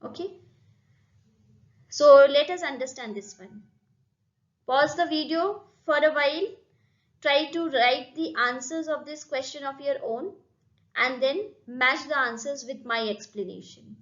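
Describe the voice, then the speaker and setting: A woman with an Indian English accent teaching a grammar lesson, repeating points slowly and checking in with "okay" and "right". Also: high-pitched, reverberant, muffled recording. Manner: slow, repetitive, addresses students with "okay?" and "right?". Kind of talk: classroom lesson explanation.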